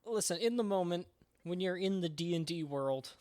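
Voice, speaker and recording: A man's voice: high-pitched, animated, moderate pace, a little mellow, no echo. A man in casual chat, laid back and trading dry quips. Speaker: podcast co-host.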